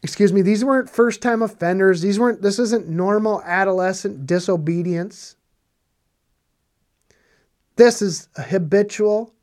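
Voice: mid-range voice, measured pace, pauses often, a little mellow. Emphatic preacher with rhetorical questions. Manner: emphatic, repeats phrases for stress; rhetorical questions, conversational asides. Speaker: Bible teacher. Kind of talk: preaching on scripture.

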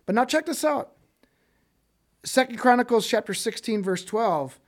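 Animated man teaching from the Bible. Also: extremely high pitch, a little slow. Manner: animated, acts out quoted voices, frequent "okay?" check-ins. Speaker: preacher.

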